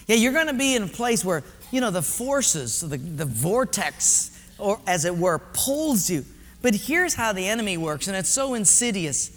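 A male pastor preaching a sermon in animated storytelling style. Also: sits high, slight background noise. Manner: animated storytelling, acts out voices. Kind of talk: sermon with a told joke. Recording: echoey hall reverb.

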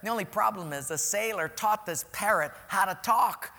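A male pastor preaching a sermon, telling stories in an animated way that swings between loud and soft. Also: high-pitched, moderate pace, creaky, big-room sound.

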